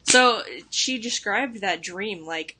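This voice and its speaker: A young woman with a bright, forward voice chats casually about a book. She strings her thoughts together loosely, full of "like" and restarts, and often laughs between them. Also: mid-range voice, slow pace, slightly rough. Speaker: book vlogger.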